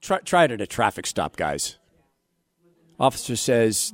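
A man's voice: medium pitch, normal speed, dry recording. Sarcastic guy hosting a church talk show, voice jumps all over, dry close sound. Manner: sarcastic, animated, preachy. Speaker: radio show host. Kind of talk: commentary, mocking soundbites.

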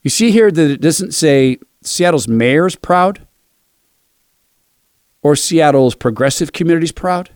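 A man's voice: on the high side, expressive, unhurried, long pauses, darkish tone, dry recording. Sarcastic male political commentator, dry sound. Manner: sarcastic, mocking. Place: Seattle area.

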